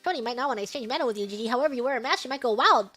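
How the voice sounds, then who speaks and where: A woman streamer reading out superchats in casual chat, playful, with bursts of high laughter and stumbling over foreign words. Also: animated, rapid-fire, pushed and bright, faint music behind.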